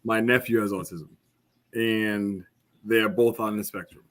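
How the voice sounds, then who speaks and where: A man's voice: lowish voice, steady tone, a little slow, fairly bright tone. Man ranting bluntly on a podcast. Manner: impassioned ranting, blunt and profane. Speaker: podcast co-host. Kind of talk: casual podcast discussion.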